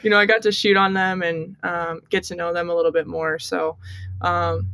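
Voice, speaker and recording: A woman from the United States, a hockey player, talking as a podcast guest in a relaxed, chatty way full of "you know" fillers. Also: on the low side, moderate pace, dry recording. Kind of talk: casual podcast interview.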